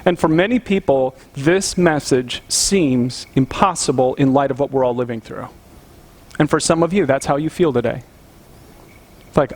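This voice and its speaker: A male pastor delivers a sermon in an easygoing, conversational manner. He tells stories as though chatting with friends. His voice sits slightly higher than most men's. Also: brisk. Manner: conversational storytelling, chuckling.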